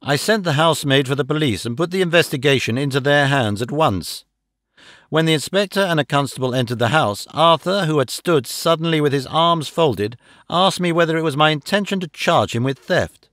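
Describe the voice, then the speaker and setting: A man narrating a classic detective story as an audiobook, reading in a measured, dramatic first-person way into a close microphone. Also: fairly high pitch, animated, a bit bright, no room sound. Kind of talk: scripted narration.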